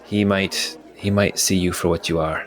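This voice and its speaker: A man voicing an emotional grown son who speaks softly and haltingly in a tabletop game. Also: deep voice, steady tone, natural voice. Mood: worried, tender. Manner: soft, hesitant, halting.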